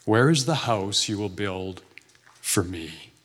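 A man's voice: lowish voice, lively intonation, slow pace, fairly bright tone, slightly rough. A man preaching an informal, earnest sermon in a church sanctuary, talking conversationally and often restarting his sentences. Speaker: guest preacher.

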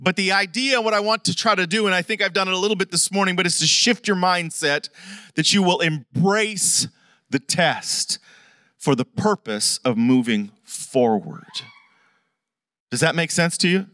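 A middle-aged man preaching a sermon, animated and conversational, often asking the congregation questions. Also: high voice, normal speed, dry recording, clean studio sound. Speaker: pastor.

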